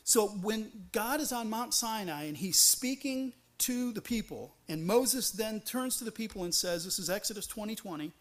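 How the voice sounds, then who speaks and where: A man delivers a sermon in a notably high voice. He talks to the congregation conversationally and earnestly, restarts his phrases often, and leans on rhetorical questions. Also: expressive, normal speed, few pauses. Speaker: pastor.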